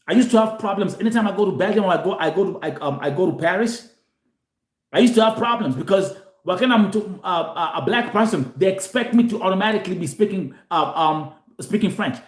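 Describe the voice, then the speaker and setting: In a roomy-sounding space, a high-pitched male host from Kenya delivers a live monologue to his viewers. He's animated, mixes Swahili with English, and often repeats himself.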